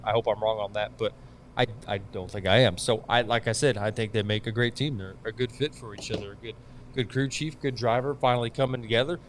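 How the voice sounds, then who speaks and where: A man's voice: medium pitch, a little hiss or hum. A man hosting a live show, chatting casually and addressing viewers as y'all. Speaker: host.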